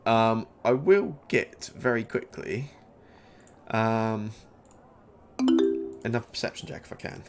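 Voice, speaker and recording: A man narrating as game master in a tabletop game, pausing often and restarting his sentences as he describes the scene. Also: lowish voice, faint music behind. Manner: hesitant, many fillers and restarts.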